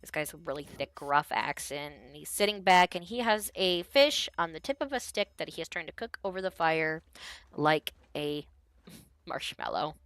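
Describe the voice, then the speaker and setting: A woman's voice: deep voice, lively intonation, moderate pace, a bit bright, no echo. A woman narrating a tabletop game as game master in a casual, rambling way. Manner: casual, lots of fillers.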